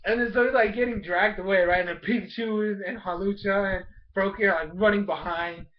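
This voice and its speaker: Male reviewer, high voice, excitable casual recap with lots of fillers, dull lo-fi sound. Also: a little fast. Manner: animated, fills speech with "like", mild cursing. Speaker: episode reviewer.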